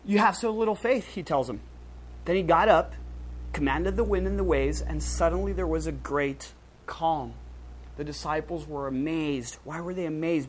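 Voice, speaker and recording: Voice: medium pitch, poor audio. A preacher giving a casual, conversational sermon, using slang and acting out quoted lines with a raised voice.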